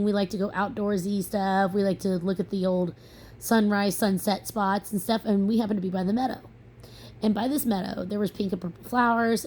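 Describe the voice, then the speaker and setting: A young woman vlogging to camera, chatty and sassy, full of playful asides. Her voice is mellow and soft-edged, sitting at a middle pitch. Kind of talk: casual opinion monologue.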